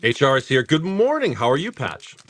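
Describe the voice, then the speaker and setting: A man hosting a live stream, rambling casually, swearing freely, and reading off card names in quick lists. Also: mid-range voice, very animated, a bit bright. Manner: rambling, swears freely, laughs often at chat. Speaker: live-stream host opening card packs.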